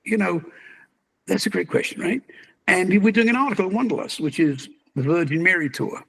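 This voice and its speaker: An older man, a magazine publisher and interview guest, musing in an animated, conversational way and chuckling as he talks. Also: high voice, a little fast, creaky, husky.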